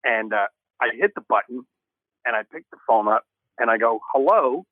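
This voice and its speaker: A man's voice: on the low side, flat delivery, normal speed, no echo. A man in his sixties, a guest musician, telling stories casually and acting out the voices of people in them. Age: 60s. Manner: casual, swears, acts out voices. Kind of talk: animated storytelling. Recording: narrow phone-like remote line.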